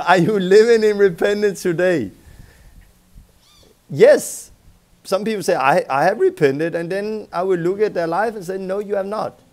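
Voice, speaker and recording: A man's voice: sits high, darkish tone. A middle-aged man with a Scandinavian accent preaching emphatically, acting out small scenes as he teaches. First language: Danish. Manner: emphatic, acts out little scenes with voices. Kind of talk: sermon teaching.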